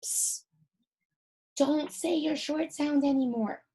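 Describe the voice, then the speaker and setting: A woman's voice: high voice, fairly even intonation, pitched above the performer's own voice, low-quality recording. A woman voicing a sly, bossy silent letter E. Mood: conspiratorial. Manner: hushed conspiratorial urging, then quick boastful asides.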